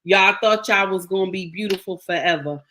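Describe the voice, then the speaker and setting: A woman's voice: medium pitch, normal speed, pushed and bright, a little hiss or hum. An older woman, giving sassy, preachy commentary to her viewers. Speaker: commentary vlogger. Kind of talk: casual opinion commentary.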